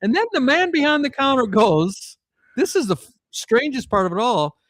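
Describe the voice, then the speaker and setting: A man's voice: extremely high pitch, very animated, moderate pace, a bit bright, no echo, rough recording. A man from South Dakota telling rambling family anecdotes in a casual podcast chat, full of fillers and restarts. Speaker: podcast guest.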